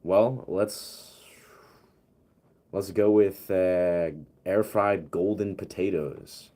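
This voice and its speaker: A man's voice: low voice, steady tone, very slow, mellow. A man streaming as a music producer, talking casually to himself and his chat while troubleshooting his setup.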